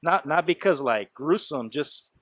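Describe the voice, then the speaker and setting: A man's voice: fairly high pitch, animated, unhurried, no room sound. A man hosting a podcast, telling a story in loose casual talk, full of swearing, fillers and quoted speech. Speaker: podcast host.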